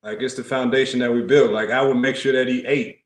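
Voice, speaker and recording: Calm man repeating himself for emphasis. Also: medium pitch, fairly quick. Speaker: guest, former NBA player. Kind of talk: casual interview chat. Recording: roomy echo.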